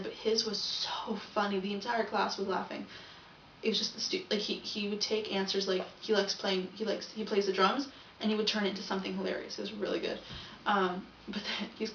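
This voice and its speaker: A woman's voice: mid-range voice, far from the mic, slight background noise. A young woman rambling through a casual video diary and often correcting herself. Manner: chatty, rambling, self-correcting. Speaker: vlogger. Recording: echoey, dull, from off the mic.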